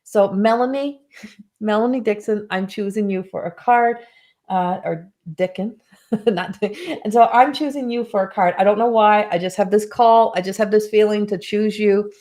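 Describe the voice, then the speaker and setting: A woman's voice: medium pitch, moderate pace, a little mellow. A woman hosting a live card reading, reading viewer comments aloud and speaking in an emotional, affirming way. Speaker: intuitive card reader hosting a live stream.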